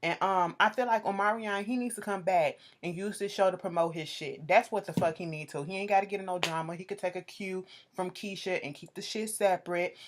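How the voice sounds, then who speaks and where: Woman, casual profane recap, sassy, animated delivery. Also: lowish voice, brisk, few pauses, background noise. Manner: animated, sassy, swears freely, acts out quotes. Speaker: reality TV recap vlogger.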